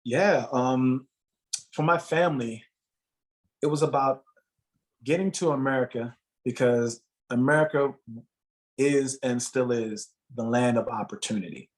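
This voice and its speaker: Man from Jamaica, interview guest, mid-pitched, earnest and motivational, repeats himself for emphasis. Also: a little slow, pauses often. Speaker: guest, musician and motivational speaker. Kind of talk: interview storytelling.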